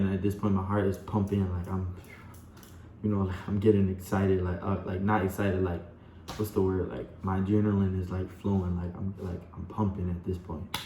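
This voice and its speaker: A young man speaks in a low, dark voice, rambling through a personal story and talking straight to his viewers. His delivery stays fairly flat, and the room around him is echoey with a faint hum. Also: moderate pace. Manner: rambling, full of "like" and "you know", addresses viewers as y'all. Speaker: vlogger.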